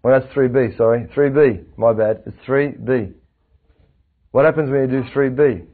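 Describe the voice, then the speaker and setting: A man, teaching a religious class with lively rhetorical questions to his students. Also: medium pitch, moderate pace. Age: 40s. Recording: tinny lo-fi lecture recording.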